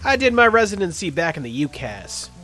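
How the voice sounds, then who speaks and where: A man's voice: on the high side, very animated, brisk, bright, forceful tone, faint music behind, pitched above the performer's own voice. A man voicing a chatty, cheerful male orc street surgeon in a video game, friendly and joking. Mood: eager.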